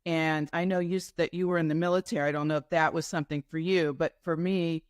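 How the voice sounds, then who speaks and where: A woman's voice: deep voice, steady tone, quick pace, clean tone, no room sound, studio quality. A woman from New York, a guest in a casual interview, telling her story in a meandering way with many asides and self-corrections. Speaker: guest entrepreneur.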